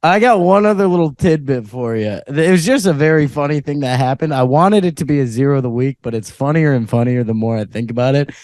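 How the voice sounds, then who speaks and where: A man's voice: mid-range voice, fast talker, few pauses, slight background noise. A man co-hosting a comedy podcast, telling stories with lots of laughs. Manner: laughs often, animated storytelling. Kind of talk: casual chat.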